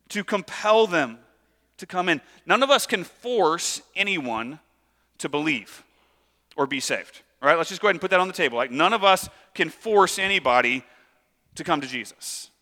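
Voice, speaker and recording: A man preaching a sermon in a casual, conversational way, acting out lively asides. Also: sits high, in a large hall. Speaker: pastor.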